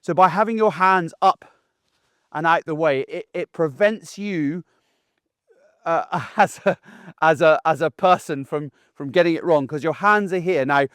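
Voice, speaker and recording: A man, a dog trainer giving a casual, animated lesson outdoors while acting out voices. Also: on the high side, measured pace, clear, resonant tone, dry recording, studio quality. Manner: chatty and animated, acts out the dog's and owner's voices. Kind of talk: casual instructional talk.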